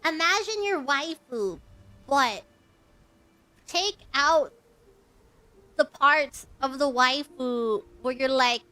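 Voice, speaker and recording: High bright woman gamer rambling and giggling, kinda self-mocking. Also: expressive, slow, long pauses. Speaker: streamer playing a game. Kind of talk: casual chat.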